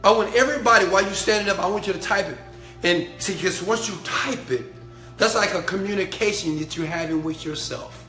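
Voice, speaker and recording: High bright motivational speaker, echoey. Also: male voice, fairly quick. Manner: preachy and emphatic, swinging from low murmurs to shouted chants; blunt and profane. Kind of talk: fired-up motivational talk to an online audience. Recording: echoey room with faint music.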